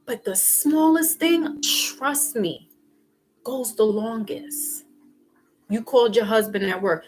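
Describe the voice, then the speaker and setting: A woman vlogger giving a casual spiritual pep talk in an animated, slangy way, acting out little quoted exchanges. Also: a little high, slow, faint music behind.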